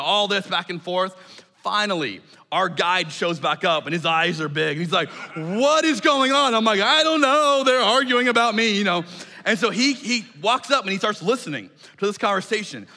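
A high, bright-voiced man preaches to his congregation, telling a story with lively animation and frequent stammered restarts. His voice rings through a large church hall with a long reverberant tail. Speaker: pastor. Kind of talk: sermon with personal story.

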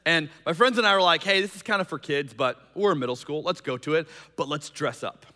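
A male pastor preaching with a bright, forceful voice that sits a little high for a man. He tells stories and acts out the people in them. His voice carries a long hall reverb. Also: a little fast. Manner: storytelling, acts out quoted voices. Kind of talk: sermon with a personal story. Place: church hall.

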